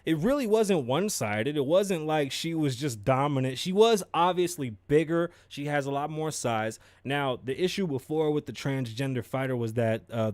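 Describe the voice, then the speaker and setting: A young man hosting a podcast, giving animated, profane sports commentary and mocking people in put-on voices. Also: medium pitch, no room sound. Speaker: podcast host. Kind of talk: casual commentary.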